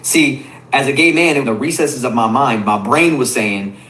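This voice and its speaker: A man's voice: medium pitch, normal speed, a bit bright, reverberant, low-quality recording. A man telling a personal story to camera in a reflective, storytelling way.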